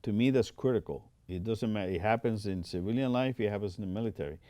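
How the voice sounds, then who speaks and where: Speaking fast in a mellow, fairly low voice, an older man with a Spanish accent, whose first language is Spanish, recounts stories as an interviewee in a studio. The Air Force veteran quotes dialogue and frequently restarts his sentences, and the recording is dry.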